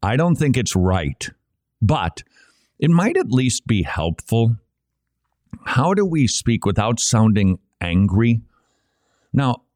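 Animated, emphatic male religious commentator. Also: medium pitch, no echo, studio quality. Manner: emphatic, rhetorical, preacherly delivery. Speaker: co-host.

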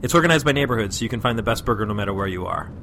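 A man's voice: on the low side, lively intonation, very fast, fairly bright tone, a little hiss or hum. A man co-hosting a comedy podcast, talking in an exasperated, sarcastic way. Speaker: podcast co-host. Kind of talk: improvised comedy sketch.

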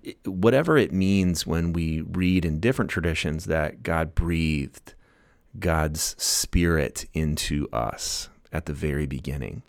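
Very deep-voiced man, dry close sound. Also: measured pace, no echo. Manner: thoughtful, laughs often, many restarts. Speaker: author guest. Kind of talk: casual conversational interview.

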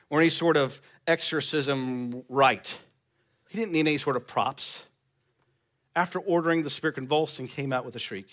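A man's voice: mid-range voice, a bit bright. A male pastor preaching a sermon in a church, conversational and joking with the congregation.

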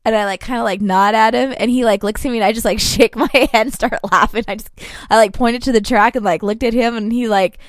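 A woman's voice: a little high, fast talker, few pauses, no echo. Chatty woman co-host, dry mic. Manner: chatty, animated anecdotes, laughs often. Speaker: podcast co-host. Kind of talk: casual chat.

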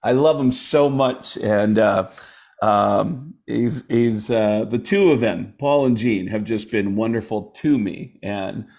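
A man who is a comedian guest, telling animated stories and switching into voices for the people he quotes. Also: fairly low pitch. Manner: lively anecdotes with quick voice switches for quoted people. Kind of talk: animated storytelling chat.

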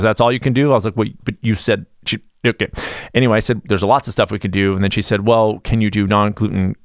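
Male podcast host, nutritionist, rapid, rambling exasperated monologue, dry sound. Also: fairly low pitch, no room sound. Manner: rambling, exasperated, many restarts. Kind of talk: casual monologue.

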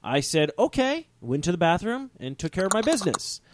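A podcast co-host talking casually, rambling and cracking crude jokes. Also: male voice, fairly high pitch, sing-song, a little fast, background noise. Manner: joking, rambling, crude humor. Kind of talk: casual chat.

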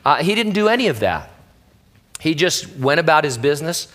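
A man's voice: fairly high pitch, big pitch swings, moderate pace, a bit bright. Male pastor, wry conversational Bible teaching. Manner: casual and wry, with playful asides.

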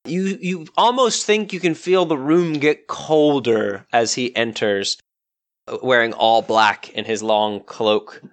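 A man narrating a tabletop game as game master, in a descriptive, measured way. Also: medium pitch, steady tone.

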